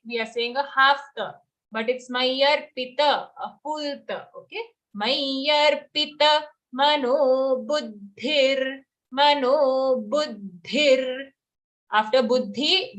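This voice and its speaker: Female recitation teacher, high bright tone, patient syllable-by-syllable drilling. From India. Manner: breaks words into syllables, repeats slowly. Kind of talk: pronunciation lesson with chanted verses.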